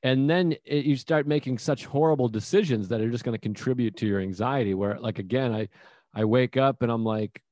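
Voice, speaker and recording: A man's voice: mid-range voice, brisk, no room sound. A man speaks frankly and animatedly, swearing freely as he chats. His voice sits in a middle register, and the sound is dry and close with no room to it. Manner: candid, profane, animated. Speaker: comedian. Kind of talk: casual chat.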